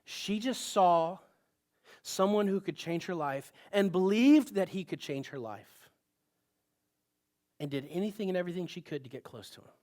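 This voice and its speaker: A male pastor giving a sermon in a conversational style, with asides and bursts of rising emphasis. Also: fairly high pitch.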